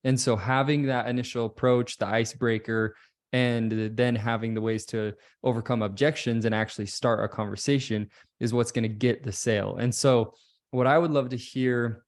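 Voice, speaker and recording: Man, interview host, enthusiastic, mid pitch, video call. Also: fairly even intonation. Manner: enthusiastic, frequent quick affirmations. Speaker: interview host and real estate coach. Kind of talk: conversational interview.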